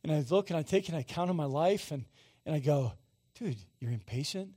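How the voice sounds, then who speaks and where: A man's voice: fairly high pitch, quick pace, dark tone. Man in his forties preaching conversationally. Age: 40s. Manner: conversational, asks the congregation questions. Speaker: pastor. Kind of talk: sermon. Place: church sanctuary.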